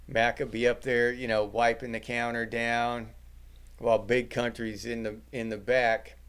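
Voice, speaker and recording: Middle-aged male host, casual livestream chat, foul-mouthed and joking, clean resonant tone, mid pitch. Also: little pitch movement, unhurried, a bit bright, smooth. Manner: crude, joking, swearing freely.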